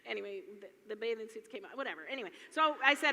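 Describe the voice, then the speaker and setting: A woman from Michigan with a high, bright voice tells loose, giggly stories from a stage, always drifting back with "anyway." Her voice rings in a large hall with long reverb. Faint noise sits under the recording. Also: fast. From Michigan, USA. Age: middle-aged. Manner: rambling, chatty, laughs often, keeps saying "anyway". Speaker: speaker at a business event. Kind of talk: casual storytelling talk to a live audience. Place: large hall before an audience.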